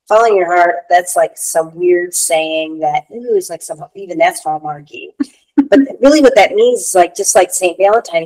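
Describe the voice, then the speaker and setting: A woman's voice: on the low side, rough recording. A woman co-hosting a casual spiritual talk show, talking in a reflective way with many "you know" fillers. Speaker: podcast co-host.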